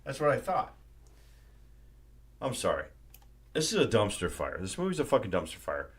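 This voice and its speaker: A man's voice: on the low side, huge pitch swings, moderate pace. A man hosting a live stream, ranting casually and profanely about a movie. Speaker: livestream host.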